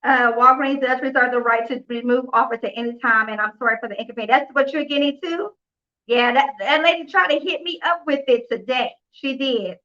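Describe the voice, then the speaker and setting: A woman hosting a couponing live stream, telling a story in a chatty, animated way, acting out the dialogue and laughing often. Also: fairly high pitch, a little fast, hardly any pauses, muffled recording. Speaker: couponing livestream host. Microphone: phone or computer mic on a live stream.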